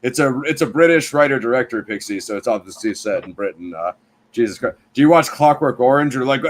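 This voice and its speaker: A man's voice: medium pitch, expressive, brisk, slight background noise. A man hosting a casual film review show, talking loosely with fillers and restarts. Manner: conversational, lots of fillers and restarts.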